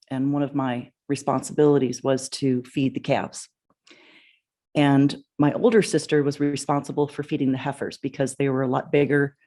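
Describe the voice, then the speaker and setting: A woman's voice: low voice, dark tone. A middle-aged woman hosting a podcast, telling a personal anecdote in a conversational way with small restarts. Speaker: podcast host. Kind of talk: personal storytelling on leadership. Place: home in Idaho, early morning.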